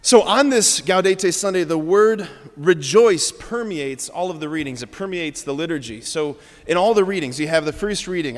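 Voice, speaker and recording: A Catholic priest giving a Sunday homily in an animated way, often checking in with the congregation by asking "right?". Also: male voice, fairly high pitch, moderate pace, hardly any pauses. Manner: animated, frequent "right?" asides. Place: large church. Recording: reverberant church hall.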